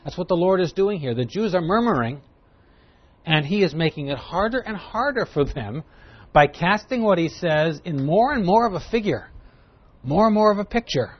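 Man, Bible teacher, lively emphatic delivery, slightly high voice, dull lo-fi recording. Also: moderate pace, husky. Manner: lively, emphatic, reads scripture aloud.

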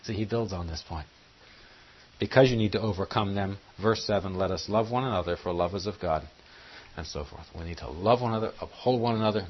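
A man's voice: low-pitched, a little hiss or hum. A man preaching a Bible-study sermon, teaching and putting questions to his listeners. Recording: muffled lo-fi recording.

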